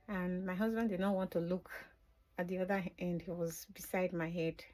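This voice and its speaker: In an unscripted vlog, a middle-aged woman shares the story of giving birth in a fairly low, darkish voice with little pitch movement and a moderate pace. Her telling is emotional, softening to a whisper when things get tender.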